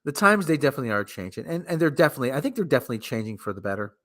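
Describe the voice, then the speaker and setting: A man's voice: mid-range voice, very animated, very fast, a bit bright. A man hosting a casual solo livestream, rambling and cutting himself off, with mock radio-announcer asides. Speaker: livestream host.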